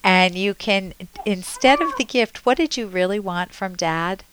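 A woman's voice: mid-range voice, a little slow, background noise. A woman hosting a call-in advice show as a therapist, coaching the caller and acting out sample conversations with him. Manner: coaching, role-plays dialogue with caller. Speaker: radio advice host and therapist.

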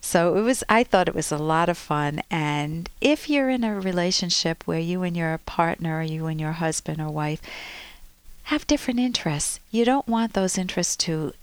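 Lower-voiced woman radio advice host. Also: normal speed, clear, resonant tone, no echo. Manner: chatty, expressive storytelling with sudden upbeat rises. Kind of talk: radio call-in advice monologue. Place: radio studio.

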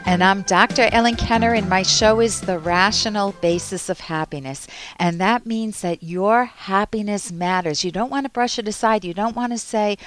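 A middle-aged woman psychologist hosting a radio advice show, explaining calmly and acting out the inner voices she quotes. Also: medium pitch, normal speed, no room sound.

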